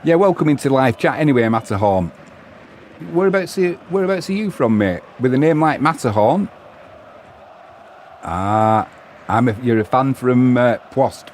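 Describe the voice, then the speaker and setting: Chatting and joking with viewers, a middle-aged man from England reads their messages aloud while commenting on a live match he's streaming. He speaks expressively at normal speed with long pauses, in a darkish mid-range voice, and there's a slight hiss or hum.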